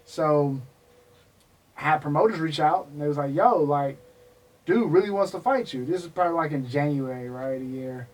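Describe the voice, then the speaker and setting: A man telling stories in a casual interview, animated and profane, acting out the people he quotes. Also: a little high, moderate pace, far from the mic, poor audio. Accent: Texan. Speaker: guest, MMA historian.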